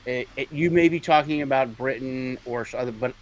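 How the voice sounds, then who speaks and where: A man who grew up in Europe, co-hosting a casual podcast chat and telling animated stories with mimicked voices. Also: mid-range voice, fairly quick, a loud crowd, poor audio. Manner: animated storyteller, mimics people. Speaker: podcast co-host.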